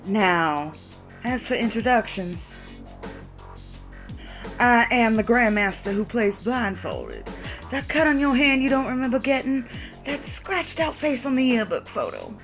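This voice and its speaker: A woman reading the lines of a smug, theatrical male vampire preacher, slow and emphatic, over faint music. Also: fairly high pitch, big pitch swings, a bit bright, full character voice. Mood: smug, teasing. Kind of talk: reading game dialogue aloud.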